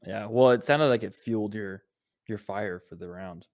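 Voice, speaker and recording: A man's voice: lowish voice, normal speed, darkish tone. A man co-hosting a podcast in casual chat, laid-back and laughing often as he listens and shares his own stories. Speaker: podcast co-host.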